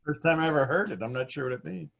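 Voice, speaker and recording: A man's voice: on the high side, racing, creaky, fairly bright tone. A man hosting a call-in talk show, replying in a dry, teasing way. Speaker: host. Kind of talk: casual chat.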